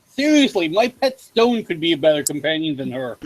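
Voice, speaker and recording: Blunt, high-voiced man swearing freely. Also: sing-song, a little fast, dry recording, poor audio. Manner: blunt, profane, opinionated. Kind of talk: casual podcast chat.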